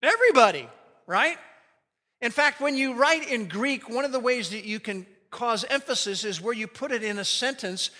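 A man preaching a sermon as pastor, leading the congregation in reciting a phrase together and slowing down to stress key words. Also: very high voice, bright, forceful tone, big-room sound. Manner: leads congregation in call-and-response recitation.

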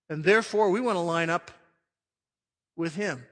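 A man preaching a sermon as pastor, emphatic, swelling loud and then dropping to a quiet hush. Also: high-pitched, normal speed, long pauses, long reverb tail.

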